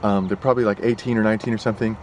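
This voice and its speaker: A man's voice: on the low side, steady tone, racing, a little mellow, a little hiss or hum. A young man talking casually in a vlog, rambling and worked up, full of fillers and asides. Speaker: vlogger. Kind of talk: casual chat. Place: partly in a car.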